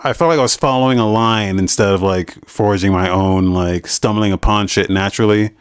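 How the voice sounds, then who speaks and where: A man's voice: on the low side, steady tone, fairly quick, clean tone, no room sound. A man on a podcast chatting in a laid-back, rambling way about video games, swearing casually.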